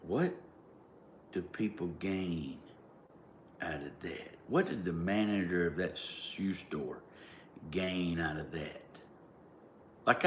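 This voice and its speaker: A low-pitched man with a Southern American drawl talks straight to the camera, looping through fillers and restarts before landing his points with sudden force. His voice rings off the walls of a roomy space, with faint ambient noise underneath. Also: expressive, slow pace, long pauses. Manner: rambling, heavy on "like", restarts, emphatic bursts. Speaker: vlogger. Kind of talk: casual storytelling monologue.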